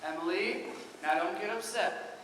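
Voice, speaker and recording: A student actor playing a calm, reassuring father. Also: high-pitched, measured pace. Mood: soothing. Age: teens. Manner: gentle, firm, soothing. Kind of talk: stage play acting. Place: large school auditorium stage. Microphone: far camera. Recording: echoey hall from far off, noisy.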